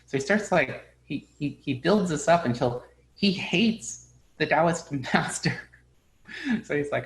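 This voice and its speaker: A man teaching as a Buddhist teacher in a dharma talk, speaking in a relaxed, halting way with many fillers and restarts, and telling stories in which he briefly acts out the people he quotes. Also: fairly high pitch, creaky, rough recording.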